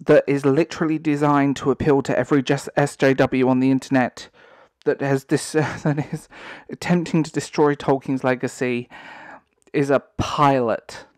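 A man's voice: on the high side, steady tone, normal speed, dry recording, clean studio sound. A man giving ranting online commentary, sarcastic and exasperated, breaking into disbelieving laughter.

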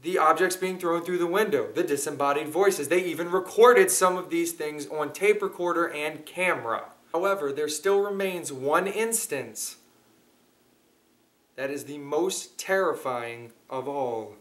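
A man's voice: on the high side, a little slow, fairly bright tone. A man hosting, telling a story to his viewers in an earnest, casual way. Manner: earnest, speaks straight to viewers. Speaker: host.

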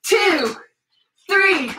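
High, bright mom counting workout reps. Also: female voice, very slow, slight background noise. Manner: cheerful, encouraging instructions and steady counting. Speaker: mother leading a family workout. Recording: echoey room, voice from far off the mic.

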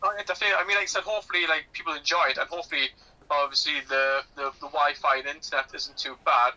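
A man's voice: fairly high pitch, fairly even intonation, bright, forceful tone. A man co-hosting a podcast commentary, talking in a chatty, hedging way over a phone connection. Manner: chatty, hedging, quick asides. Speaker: podcast co-host. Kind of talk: casual film commentary chat. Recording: tinny phone line.

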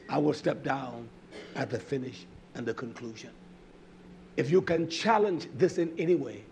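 In a husky voice, a man preaches a sermon, repeating phrases for emphasis. He swings between loud outbursts and low muttering, with a scornful edge.

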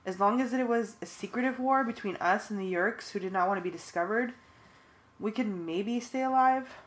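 A woman's voice: medium pitch, moderate pace. A woman narrating a fan audiobook in plain first-person storytelling.

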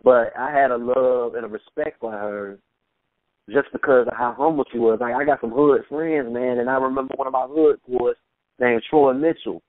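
A man's voice: mid-range voice, steady tone, no room sound. Man telling stories over a phone line. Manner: laid-back storytelling, quick laughs, mimics voices in anecdotes. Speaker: interview guest, rapper. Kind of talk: casual recollection over a phone interview. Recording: tinny phone line, dry.

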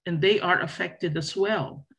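A woman from Southeast Asia speaking earnestly as a panel speaker, pausing often with fillers. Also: lowish voice, fairly even intonation, fairly bright tone, slightly rough. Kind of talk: panel discussion remarks.

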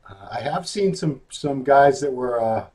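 A man's voice: mid-range voice, expressive, unhurried, darkish tone. A man hosting a casual chat show, joking and laid-back, trading banter with his guest. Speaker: host, magazine editor.

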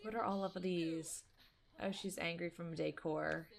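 A woman commentating a life-simulation game, chatty and excitable, talking to her viewers and to the characters on screen. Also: on the low side, measured pace, gravelly. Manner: excitable, squeals and laughs at surprises. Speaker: gaming YouTuber. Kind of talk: let's play commentary.

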